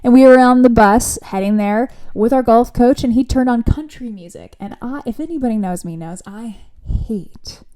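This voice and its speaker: A woman's voice: fairly high pitch, moderate pace. Chatty young woman telling a story. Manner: chatty, animated, full of asides and restarts. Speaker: podcast host telling her story. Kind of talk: casual storytelling.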